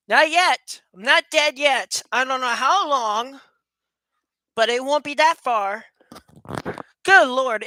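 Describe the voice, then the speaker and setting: Woman vlogger, goofy rambling home chat to webcam, bright, dry sound. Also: high voice, dry recording. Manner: playful, rambling, laughs often, jokes sarcastically. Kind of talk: casual chat to camera. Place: room at home with a fast fan running.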